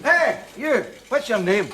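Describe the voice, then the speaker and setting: Sketch comedy: boastful Scottish ex-fighter, high, lively and indignant, on hissy old TV audio. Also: male voice, slow, faint music behind, full character voice. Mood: cheeky. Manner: blustering, indignant banter. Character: boastful Scottish man, cocky ex-fighter, blustering. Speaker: comic sketch character. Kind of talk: 1980s TV sketch comedy acting.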